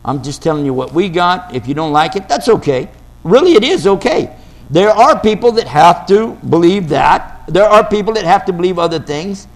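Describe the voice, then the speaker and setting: Brief: high-pitched male preacher, argumentative, theatrical scripture quotes. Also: animated, moderate pace. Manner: argumentative, quotes scripture dramatically, rises to shouts. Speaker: Islamic preacher. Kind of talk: religious talk to an audience.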